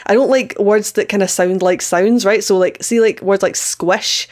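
A woman's voice: medium pitch, fairly even intonation, moderate pace, a little mellow. A woman with a Scottish accent, chatting as a podcast guest in a bubbly, enthusiastic way and repeating words she likes. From Scotland. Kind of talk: casual chat.

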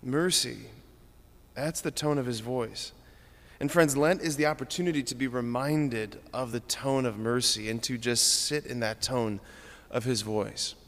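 A man's voice: medium pitch, fairly even intonation, unhurried, a bit bright. A man, a Catholic priest, giving an earnest, informal homily with many fillers in a church. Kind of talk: conversational homily. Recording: long church reverb.

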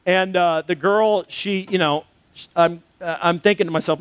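A man's voice: sits high, fairly even intonation, moderate pace, a bit bright, clear, resonant tone, no echo. A man, a pastor, preaching a sermon built around a personal story, earnest and conversational.

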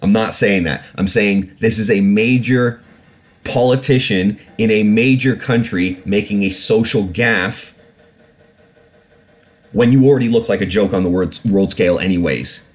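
Guy with a lowish voice doing a solo podcast rant, swears a ton, rambles with lots of ums. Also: a little slow. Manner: profane, ranting, swears often; rambling with many fillers and restarts. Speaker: podcast host. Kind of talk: solo political commentary podcast.

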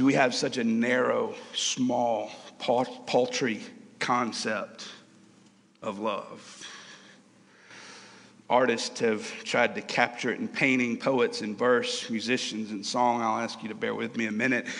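A man preaching in a large hall, his words trailing into a long reverb. He speaks earnestly, swelling with emotion and then dropping soft, and leans on repeated phrases. His voice sits at an ordinary mid pitch. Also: vocal fry. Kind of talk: sermon.

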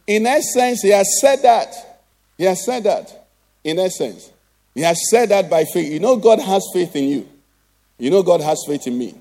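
A man's voice: high voice, dark tone. A Nigerian man preaching a sermon as pastor, tossing rhetorical questions at the congregation.

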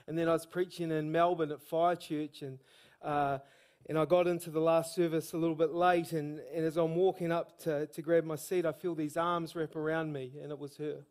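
Kiwi guy preaching in church, pretty high voice, lively and slangy, big on stories. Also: moderate pace, few pauses. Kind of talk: sermon storytelling. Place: church service.

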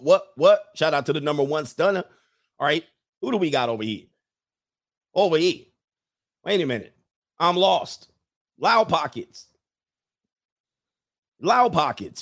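A man hosting a livestream in a casual, rambling monologue, joking along and reading out viewer comments. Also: a little high. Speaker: livestream host.

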